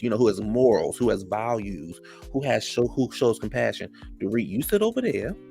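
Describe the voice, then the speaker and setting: A man's voice: fairly low pitch, vocal fry. A man recapping a reality TV episode in casual, sassy and profane gossip, full of fillers. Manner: animated, with many fillers.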